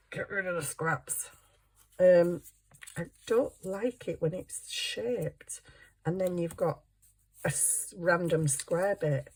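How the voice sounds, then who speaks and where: Chatty grandmother with a low voice. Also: slow pace, long pauses, husky. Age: older. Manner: chatty, giggly, rambling. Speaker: craft vlogger. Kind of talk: casual chat while crafting.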